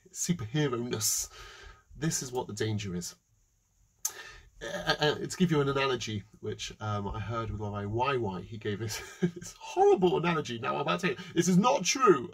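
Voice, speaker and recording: Husky guy teaching and storytelling, voice swings high and low. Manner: animated, acts out voices. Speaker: educator.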